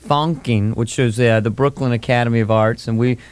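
A man, a comedian guest, telling stories in a casual interview, animated and quick to chuckle. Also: mid-range voice, clear, resonant tone. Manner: animated, fond of slipping into voices, chuckling.

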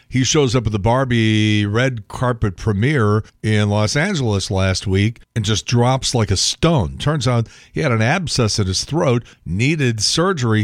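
A man's voice: mid-range voice, no room sound, clean studio sound. A man hosting a talk radio show, chatting in a wry, blunt way with some swearing. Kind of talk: casual talk radio monologue.

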